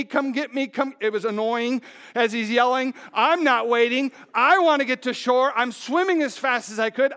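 A man telling a story to an audience from a stage, halting with fillers and dropping to a hush at tense moments. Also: high voice, clear, resonant tone. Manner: halting, with many fillers and restarts. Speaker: speaker on stage.

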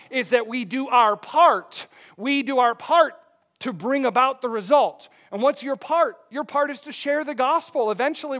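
A man in his thirties preaching a sermon, telling a personal story in an animated way with bursts of loud emphasis. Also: very high-pitched. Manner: animated storytelling with laughs and sudden shouts. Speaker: pastor.

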